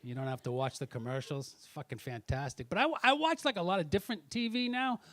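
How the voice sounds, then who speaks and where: A man's voice: on the high side, fast, a bit bright. A middle-aged man doing a brash, profane stand-up set on a comedy club stage, teasing the audience between jokes. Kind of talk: stand-up set with crowd work.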